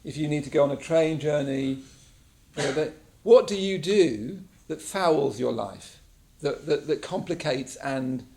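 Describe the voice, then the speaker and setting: A man leads a mindfulness class in a relaxed, conversational talk, his voice a little higher than most and noticeably gravelly. He keeps checking in with the group as he goes, tossing in a quick "yeah?" to draw them along. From England. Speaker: meditation teacher. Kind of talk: casual teaching talk to a class. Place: meditation class room.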